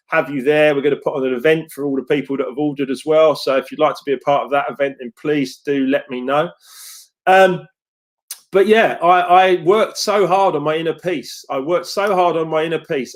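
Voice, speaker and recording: A middle-aged man, a success coach, telling stories in a chatty, upbeat way to his followers. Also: fairly high pitch. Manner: chatty and upbeat, storytelling with quotes. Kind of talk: casual live talk to followers.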